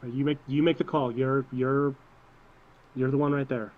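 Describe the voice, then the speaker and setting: A man's voice: medium pitch, little pitch movement, normal speed. A man playing a tabletop game, talking hesitantly with stammering restarts, on a muffled lo-fi recording. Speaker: player. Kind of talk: casual tabletop game play. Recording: muffled lo-fi audio.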